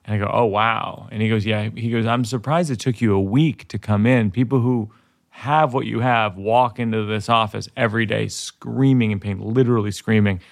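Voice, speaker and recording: A man's voice: on the low side, fairly even intonation, normal speed, creaky. A man in his forties, a stand-up comedian, telling a rambling, self-deprecating story in casual chat while working through jokes. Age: 40s.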